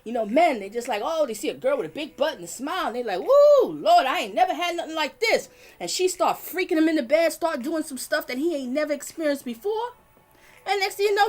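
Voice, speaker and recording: A woman, hosting a livestream in a blunt, outspoken way, swearing and talking to her chat. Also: sits high. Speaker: livestream host. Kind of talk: casual livestream talk.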